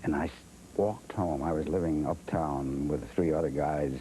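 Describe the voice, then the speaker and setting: Older guy telling a wry story about himself as an interview guest, low deep voice, dark mellow tone. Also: fairly even intonation, normal speed, a little hiss or hum, low-quality recording. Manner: wry, self-deprecating, acts out other people's words.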